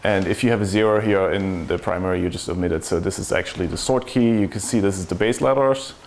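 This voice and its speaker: Man, low voice, technical conference speaker, explanatory, faint background noise. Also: fast talker. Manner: explanatory, asks rhetorical questions.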